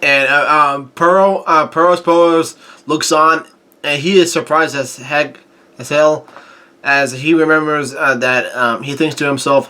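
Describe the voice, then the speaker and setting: A man talks through a comic chapter panel by panel, with a bright, forceful tone. He often stalls and restarts while reading, slipping in side comments as he goes. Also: fairly high pitch, fairly even intonation. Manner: halting, with frequent restarts and fillers. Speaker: manga reviewer.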